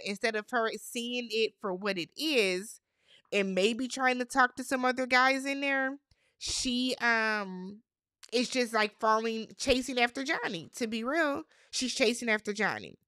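A woman's voice: on the high side, fairly bright tone, no room sound, studio quality. A woman hosting a reality TV recap, talking in a chatty, opinionated way with slangy asides. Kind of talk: casual recap commentary.

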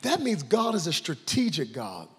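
A man preaching an energetic sermon as pastor, with shouted lines and call-and-response. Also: fairly high pitch, normal speed. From Texas. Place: large church hall. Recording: reverberant church hall.

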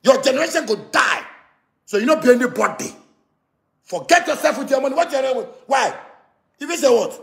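Ghanaian man, angry rant, high raspy voice, echoey room, shouty and repetitive. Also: lively intonation, brisk, pauses often. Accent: Ghanaian Pidgin English. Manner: heated, repetitive, swings from shouting to muttering. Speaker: musician ranting to camera.

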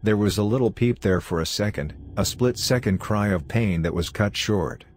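A man narrating a horror story in a steady, confessional telling. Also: on the low side, moderate pace, a little hiss or hum.

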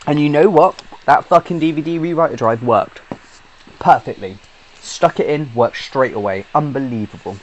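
A man's voice: on the high side, moderate pace, muffled recording, a little hiss or hum. A British man, a YouTube gamer, giving a casual rambling update, chatty and swearing freely with lots of fillers and restarts. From Britain.

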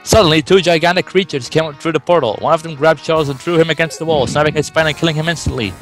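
A man's voice: a little high, steady tone, rapid-fire, a bit bright, soft background music. A young man reading fan fiction aloud in a casual way, breaking off with amused, laughing asides. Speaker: reader.

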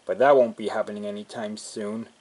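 A man's voice: fairly low pitch, steady tone, fairly quick, a little mellow, close to an everyday voice. A man as a subdued toy truck leader. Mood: downcast. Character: male toy truck leader, downcast but kindly.

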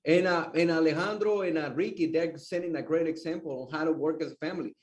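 A man's voice: a little high, fast, far from the mic. A man co-hosting a podcast, talking earnestly and repeating himself as he restarts phrases. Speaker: guest co-host. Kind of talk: casual chat.

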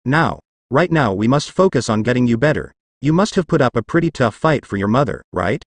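A man voicing a calm, gentle, all-powerful grown man in a fan fiction audio story, speaking softly and soothingly. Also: medium pitch, a little fast, no echo. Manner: soft-spoken and soothing.

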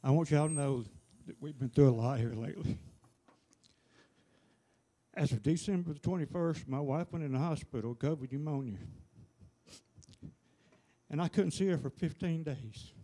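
A man giving a halting, plainspoken personal testimony to a church. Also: on the high side, mellow.

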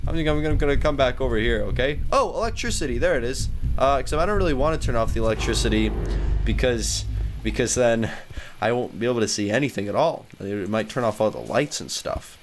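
Young male let's-play host, excitable and squealy, highly animated delivery. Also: a little hiss or hum. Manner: excitable, squeals and jumps high when startled or happy. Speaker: gaming YouTuber.

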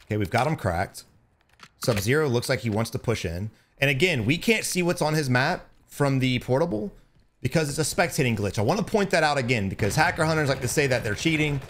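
A young man giving blunt, profane gameplay commentary as a streamer, breaking into loud excited bursts. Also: mid-range voice, a little fast, a little hiss or hum. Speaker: gaming streamer.

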